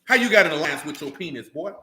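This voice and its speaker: Male street preacher, high bright tone, blunt slang and rhetorical questions, echoey room. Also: animated, fast talker. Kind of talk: street-style sermon.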